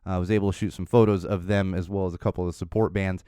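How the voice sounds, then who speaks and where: A man's voice: low voice, steady tone, rapid-fire, warm tone, clear, resonant tone, no room sound, studio quality. A man hosting a podcast, telling a long story in a casual, rambling way with lots of fillers and chuckles. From Southern California. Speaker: podcast host. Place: podcast studio. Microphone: studio mic.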